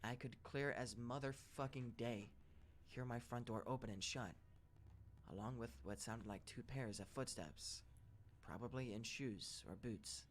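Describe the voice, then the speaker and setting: A man's voice: medium pitch, measured pace, a little hiss or hum. Man reading creepy stories aloud. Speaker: story narrator. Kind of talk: reading scary first-person stories aloud.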